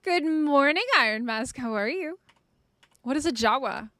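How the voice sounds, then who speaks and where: A woman's voice: sits high, animated, moderate pace, bright, forceful tone, dry recording, clean studio sound. A woman streaming a survival game, chatting playfully with her viewers and laughing often. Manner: playful, giggly, chats with viewers. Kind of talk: casual live-stream chat.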